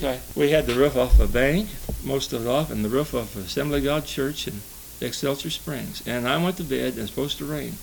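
A man's voice: mid-range voice, creaky, slight background noise, low-quality recording. A man, likely older, giving a rambling, conversational Bible study with self-corrections and chuckles. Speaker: Bible teacher. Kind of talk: folksy Bible study teaching.

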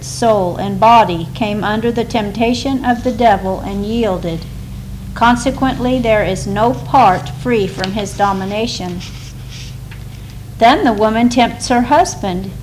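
A woman giving a measured, deliberate reading of a devotional commentary. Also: mid-range voice, a little mellow, slight background noise, poor audio. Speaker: reader.

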